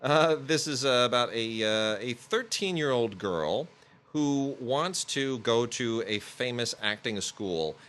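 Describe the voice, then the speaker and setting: Bright-voiced man rambling through reviews. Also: mid-range voice, animated, slow pace. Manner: rambling, many fillers and restarts. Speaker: podcast host reviewing home video releases. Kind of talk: casual review chat.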